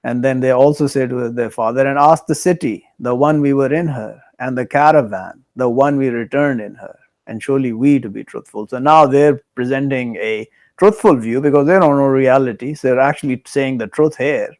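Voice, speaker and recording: Gravel-voiced man, scripture reader who paraphrases loosely, dry close sound. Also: mid-range voice, normal speed, a little mellow, dry recording. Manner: reads literal verse, then paraphrases casually with frequent chuckles. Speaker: scripture commentator. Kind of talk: reading and explaining scripture.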